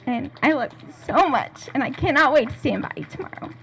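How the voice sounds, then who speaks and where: A young woman makes an off-the-cuff wedding toast at a rehearsal dinner. She talks casually and rambles a little, with plenty of fillers, in a fairly high voice. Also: expressive, brisk, gravelly, a bit bright, slight background noise. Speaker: maid of honor giving a toast.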